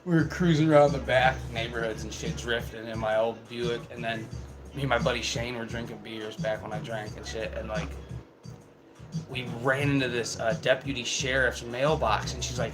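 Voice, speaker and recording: A young man with a mid-range, fairly even voice tells stories at a moderate pace, captured on poor audio with music behind him. His anecdotes ramble, swear often, and stay laid-back, punctuated by plenty of laughing.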